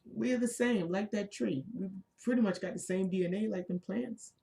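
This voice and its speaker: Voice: mid-range voice, normal speed, gravelly, dark tone. A co-host in a casual spiritual talk, speaking in an emphatic, repetitive, preacher-like way.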